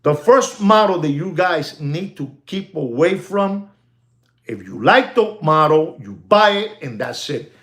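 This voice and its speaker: A man hosting a watch channel livestream, ranting emphatically and repetitively, sprinkling in Spanish exclamations and sinking into low mutters. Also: expressive, unhurried, a bit bright. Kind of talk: live-streamed casual rant.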